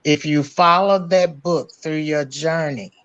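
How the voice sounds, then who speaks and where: A woman on a talk stream, speaking in a measured, preacherly way and posing rhetorical questions. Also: sits low, a bit bright, lo-fi sound.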